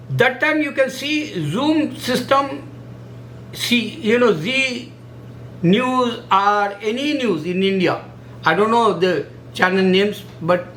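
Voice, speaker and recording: A man speaking halting, repetitive in a casual monologue, full of fillers. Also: very high voice, bright, forceful tone, a little hiss or hum, rough recording. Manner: halting, repetitive non-native English with many fillers. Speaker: religious video maker.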